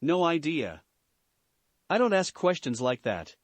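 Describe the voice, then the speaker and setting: A man voicing a calm young male assassin who speaks in a dry, matter-of-fact way. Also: fairly high pitch, measured pace, no room sound.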